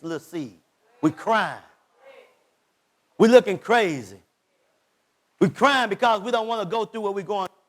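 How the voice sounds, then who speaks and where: A man with a high, ringing voice, his delivery full of passion. He shouts some lines and drops others almost to a whisper, and he speaks God's words in the first person as he drives the message home. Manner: impassioned preaching, voicing God's words, swings from shouts to hushed lines. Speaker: pastor. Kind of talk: sermon.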